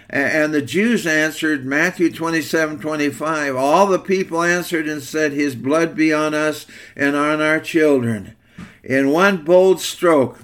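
A man with a slightly high voice preaches a sermon. He speaks earnestly and reads scripture passages aloud between his own plain remarks. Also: a bit bright.

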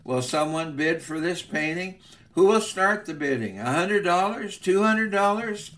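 A man's voice: sits high, expressive, unhurried, a bit bright, voice pushed up. A man voicing a persistent male auctioneer who calls out bids insistently in a retold story. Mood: calling.

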